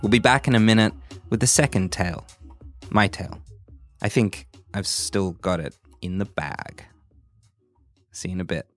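A man's voice: low voice, normal speed, long pauses, faint music behind. A man co-hosting a podcast, bantering competitively and teasing his partner. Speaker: podcast co-host. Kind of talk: casual chat.

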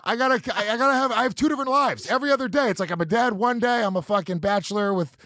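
A man's voice: very high-pitched, racing, sharp tone, dry recording. Rambling man, dry close sound. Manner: loose, rambling, frequent swearing and restarts. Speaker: podcast co-host. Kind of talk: casual banter.

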